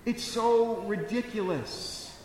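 Man, pastor, sermon, wry animated storytelling, long hall reverb, faint background noise. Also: high voice, slow pace.

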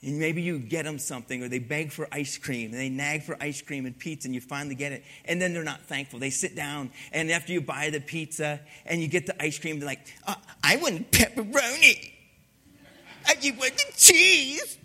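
Bright-voiced, animated male pastor. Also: fairly high pitch, brisk, hardly any pauses. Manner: animated, swings from hushed to loud, humorous asides. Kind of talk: sermon.

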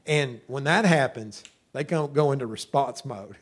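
Man, preaching, high voice, folksy, repetitive. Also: moderate pace, few pauses, a little mellow. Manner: folksy, repetitive, with frequent hallelujahs and amens. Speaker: pastor. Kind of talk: sermon.

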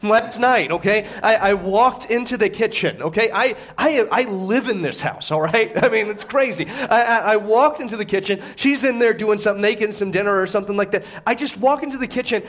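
Speaking briskly and barely pausing, this pastor has a high, fairly bright voice. Indoors before his congregation, he preaches in an easygoing, chatty manner, often tossing in "okay?" and chuckling at his own anecdotes. He keeps the volume low to avoid waking babies.

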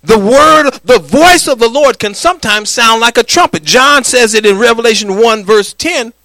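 A middle-aged man preaching a sermon, swinging from loud declarations to hushed lines and calling for the congregation's answer. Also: very high voice, normal speed, no room sound. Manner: calls for congregation response. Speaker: pastor.

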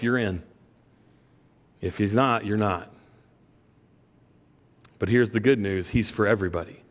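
A middle-aged man preaching a sermon and telling a personal story in an earnest way, often repeating words as he starts a phrase. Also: on the low side. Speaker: pastor. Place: church sanctuary. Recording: long hall reverb.

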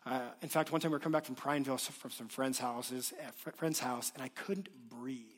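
A man in his late thirties preaching a sermon, telling a personal story in an animated, self-deprecating way. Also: mid-range voice, fairly quick. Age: late 30s. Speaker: pastor. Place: church auditorium with congregation.

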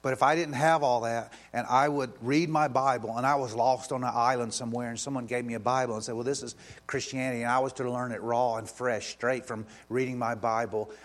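A male pastor preaching a sermon, impassioned, rising to emphatic questions and dropping soft when he prays aloud. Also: mid-range voice.

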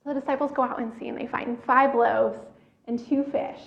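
High-voiced woman preaching, echoey room. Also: fairly even intonation, a little fast, gravelly. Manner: earnest teaching, repeats words as she thinks. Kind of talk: sermon. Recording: echoey room, slightly dull sound.

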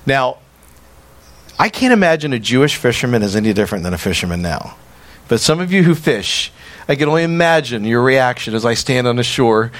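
A pastor preaching a sermon in a conversational way, often repeating words and telling personal stories. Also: male voice, medium pitch, lively intonation, brisk, fairly bright tone.

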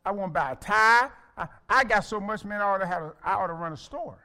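A man's voice: high voice, lively intonation, a little fast, bright, forceful tone. A male pastor preaching a sermon in a folksy, colloquial way, calling on the congregation to respond and addressing listeners by name.

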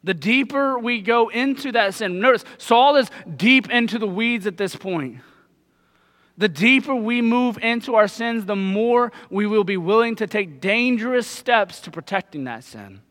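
A male pastor preaching a sermon, with a high voice and a sharp, bright edge. His delivery is casual and conversational, and he drops into folksy paraphrases of the text. The sound carries a long church-hall reverb. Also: lively intonation, unhurried.

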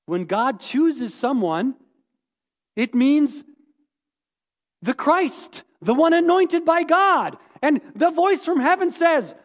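High-voiced animated preaching man. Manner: animated, playful, quizzes congregation. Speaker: pastor. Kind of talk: sermon. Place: church sanctuary. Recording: echoey hall reverb.

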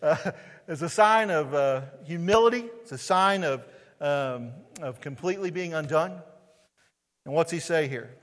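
Southern guy preaching, keeps firing questions at the congregation, voice a bit high, big reverby sanctuary. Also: unhurried. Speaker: pastor. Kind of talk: sermon. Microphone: wearing a mic on his body. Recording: long hall reverb.

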